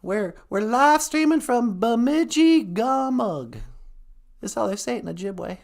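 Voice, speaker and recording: A woman's voice: on the high side, lively intonation, vocal fry, a little mellow. A woman from Minnesota co-hosting a casual live-stream podcast, playful and giggly. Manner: playful and giggly, drawn-out words. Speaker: podcast co-host.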